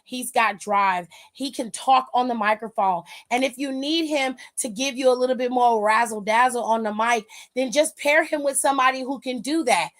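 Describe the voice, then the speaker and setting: A woman's voice: a little high, moderate pace, few pauses. A woman hosting a wrestling aftershow, giving casual, emphatic, profane live-stream commentary and reading viewer comments aloud.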